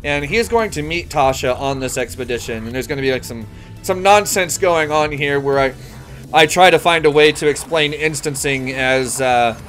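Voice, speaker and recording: A man's voice: a little high, moderate pace, fairly bright tone, soft background music. A man casually chatting on a live game stream, rambling, correcting himself and laughing easily.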